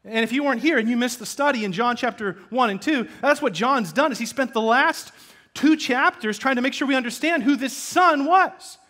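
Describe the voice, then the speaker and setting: Animated high-voiced preacher. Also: male voice, brisk. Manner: dynamic, swings from loud emphatic bursts to hushed asides. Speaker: pastor. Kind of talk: sermon. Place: church.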